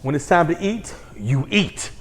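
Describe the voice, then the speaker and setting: A man's voice: on the high side, very animated, unhurried. A man hosting his own commentary show, ranting in a blunt, heated, crude monologue. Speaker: commentary host.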